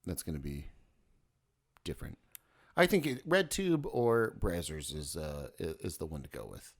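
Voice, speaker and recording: A man's voice: a bass voice, big pitch swings, normal speed. A man co-hosting a podcast in casual, joking chat. He swears and stumbles over his words. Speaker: podcast co-host.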